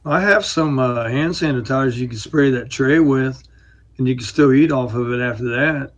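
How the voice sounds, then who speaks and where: A man improvising a quick, helpful airplane passenger. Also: mid-range voice, steady tone. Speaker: improv performer. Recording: dull, lo-fi sound.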